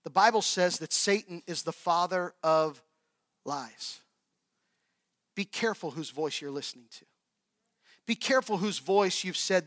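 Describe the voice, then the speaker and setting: Male preacher, high pitch, storytelling sermon that goes loud then hushed, asks the room questions. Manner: asks the congregation rhetorical questions. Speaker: pastor.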